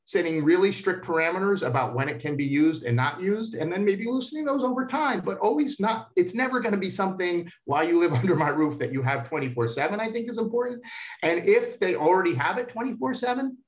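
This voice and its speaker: Earnest middle-aged man giving advice. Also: fairly high pitch. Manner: earnest, advising, repeats words as he thinks. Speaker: expert guest, parent. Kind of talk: interview answers.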